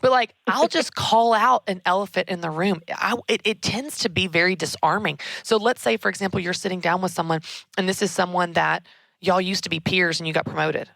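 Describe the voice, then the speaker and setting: A woman, hosting a show and giving emphatic, animated career advice. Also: on the low side, a little fast, vocal fry, no room sound. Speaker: podcast host. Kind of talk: conversational advice.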